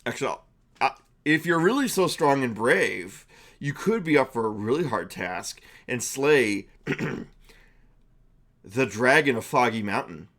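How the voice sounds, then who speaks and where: A man's voice: medium pitch, very animated, unhurried, a bit bright. A man voicing eager villagers who urge a hero to take on a hard task. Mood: urging. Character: eager pushy village townsfolk.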